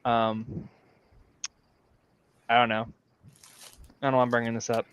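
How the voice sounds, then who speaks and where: A man's voice: mid-range voice, monotone, measured pace, fairly bright tone, smooth, no room sound, muffled recording. A man with a Southern American accent chatting on a group call, rambling and hesitant with lots of fillers. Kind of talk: casual group chat on a call.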